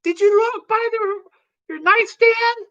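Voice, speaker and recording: A woman's voice: extremely high pitch, slow pace, fairly bright tone, lo-fi sound, voice pushed up, exaggerated voice. A woman voicing a patient but nagging female alien wife who asks chiding questions.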